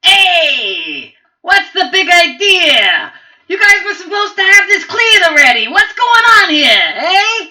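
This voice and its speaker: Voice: very high voice, a little slow, far from the mic, voice pushed up, heavily acted. Furious goblin boss. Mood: furious shouting. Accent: Italian mobster put-on. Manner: shouting, barking orders. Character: enraged goblin boss, loud bully. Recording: dull lo-fi recording.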